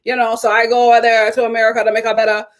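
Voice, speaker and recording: A woman's voice: fairly high pitch, monotone, rapid-fire, pitched below the performer's own voice, close to an everyday voice. A woman imitating a man who rambles about loving his rich partner. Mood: boastful.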